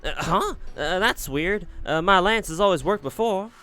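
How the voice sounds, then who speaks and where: A jittery young fairy knight girl, put on by a man in a strained, pinched high voice, frantic and quick to doubt herself. A game read aloud on stream, the voice pushed well above his normal range. Faint music sits under it. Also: lively intonation, sharp tone. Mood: confused. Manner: frantic, self-pitying. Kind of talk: amateur game reading with voices.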